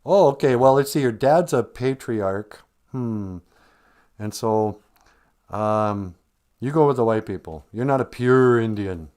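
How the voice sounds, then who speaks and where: A blunt, condescending schoolteacher, put on by a man mid-stream. The teacher talks slowly and a little loudly and dismisses the pupil in a matter-of-fact way. The voice sits near the performer's own pitch. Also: lightly acted.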